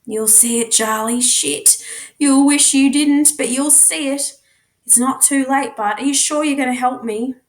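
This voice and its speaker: A woman voicing a secretive, tense teenage boy who speaks in clipped, quiet bursts. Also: high voice, fairly even intonation, unhurried, reverberant, pitched above the performer's own voice.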